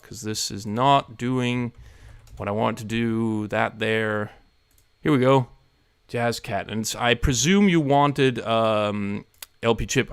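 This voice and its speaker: A man's voice: lowish voice, creaky, dry recording. A man hosting a live stream, chatting casually and rambling with self-deprecating humor to his viewers. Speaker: livestream host.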